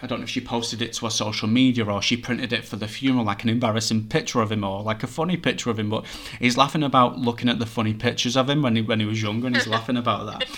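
Relaying messages to a sitter during a reading, a male psychic medium keeps things conversational and comforting. His pitch is fairly low and his tone fairly bright.

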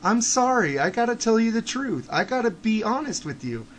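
A man with a high-pitched voice rants on his podcast, blunt and profane. He drops into low mutters, then builds to heated shouting, with faint ambient noise behind him. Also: big pitch swings, moderate pace. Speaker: podcast host. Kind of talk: ranting monologue.

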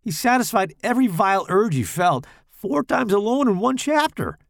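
A man reads a horror story with dramatic flair, his voice gravelly and swinging widely in pitch. The sound is dry and close, with no room around it. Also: very animated, normal speed, dry recording. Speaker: audiobook narrator. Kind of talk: scripted horror narration.

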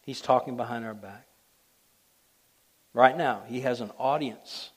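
Man preaching, loud then hushed. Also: medium pitch, unhurried, husky. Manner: emphatic, swings between loud declarations and hushed asides. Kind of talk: sermon.

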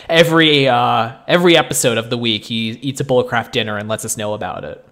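A man's voice: medium pitch, fairly quick, a bit bright. A man co-hosting a podcast, rambling with lots of filler words and easy laughter. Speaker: podcast co-host. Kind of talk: casual podcast chat.

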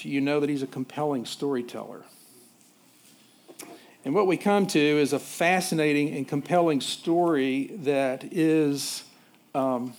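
A middle-aged man from Nashville preaching a sermon as a pastor, halting, with frequent fillers and restarts. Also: medium pitch, creaky, darkish tone. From Nashville, USA.

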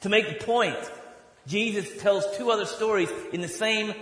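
A middle-aged American man preaching a sermon as pastor, joking and rising to loud mock outrage. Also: high-pitched, normal speed. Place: church sanctuary. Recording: echoey hall, long reverb.

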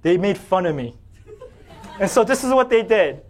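Young pastor, male, high voice, lively storytelling sermon that climbs when he gets heated. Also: normal speed. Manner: animated, self-deprecating, often rising in pitch and volume when retelling anger.

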